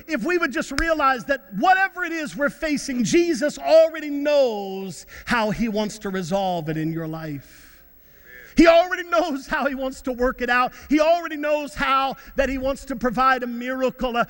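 A male pastor preaching a sermon in a church, stumbling over fillers and repeats, then rising to shouts. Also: very high-pitched, in a large hall. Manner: repetitive, many fillers, bursts to shouts. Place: church sanctuary.

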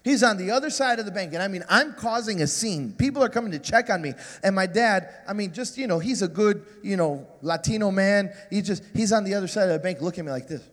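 High-voiced preacher in an echoing hall. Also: male voice, fast talker, hardly any pauses. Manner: animated, self-mocking storyteller. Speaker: guest preacher. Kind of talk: sermon with comic storytelling.

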